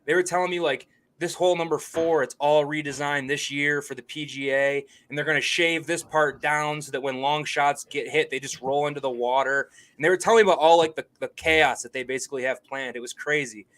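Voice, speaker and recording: A man's voice: on the high side, steady tone, fairly quick, hardly any pauses, fairly bright tone. A young man co-hosting a laid-back golf podcast. He tells his stories with lots of energy, swears freely and acts out the quotes as he goes. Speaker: podcast co-host. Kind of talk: casual golf podcast chat.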